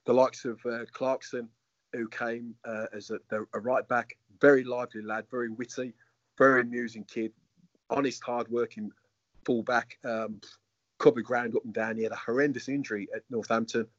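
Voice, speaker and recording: Husky man telling stories. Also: medium pitch, moderate pace, no echo, dull audio. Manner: animated, acts out quoted voices. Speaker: former footballer and coach, guest. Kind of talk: anecdotal storytelling.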